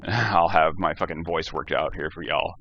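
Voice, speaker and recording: A man's voice: a bass voice, normal speed, vocal fry, a bit bright, husky, no room sound. A young man hosting a solo podcast, ranting in a profane, rambling, jokey way, recorded on a cheap gaming headset. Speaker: podcast host. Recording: dull lo-fi headset audio.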